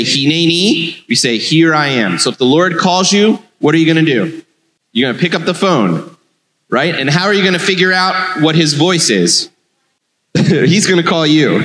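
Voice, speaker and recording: A man's voice: a little high, fairly bright tone. A man, a rabbi, giving a playful children's sermon and asking the children questions. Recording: long hall reverb.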